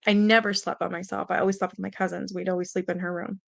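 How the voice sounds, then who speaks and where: A young adult woman hosts a stream and recounts a personal ghost story, rambling casually with plenty of fillers and some mild swearing, sounding earnest and spooked. Her voice is medium-pitched and creaky, with a level tone and a fast pace. There's no echo.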